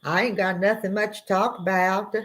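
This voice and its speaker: A woman's voice: medium pitch, fairly even intonation, normal speed, fairly bright tone. A woman with a Southern US accent hosting an early-morning livestream, rambling in a laid-back way and greeting her viewers by name. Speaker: livestream host. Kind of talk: casual livestream chat.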